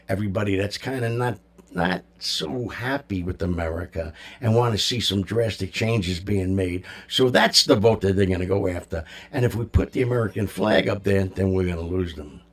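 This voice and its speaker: A man's voice: on the low side, moderate pace. A man hosting a music talk show, rambling casually in an opinionated, jokey way. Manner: chatty, opinionated, jokey, lots of fillers.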